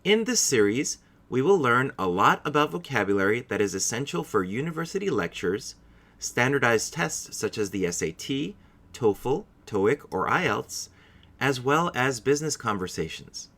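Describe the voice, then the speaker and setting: A man teaching English vocabulary in a clear, deliberate, encouraging way. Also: medium pitch, big pitch swings, fairly bright tone. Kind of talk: scripted vocabulary lesson.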